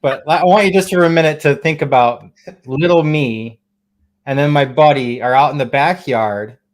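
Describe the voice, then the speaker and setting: A man with a fairly high voice chats on a casual show. He tells childhood stories energetically and breaks into laughter often. His delivery is loose and conversational. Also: normal speed. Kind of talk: casual chat.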